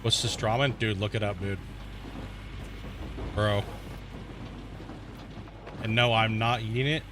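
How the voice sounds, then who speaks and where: A man's voice: lowish voice, fairly even intonation, slow, pauses often, background noise. A man giving casual let's-play commentary as a gaming streamer, laid-back and slangy, calling everyone dude and bro.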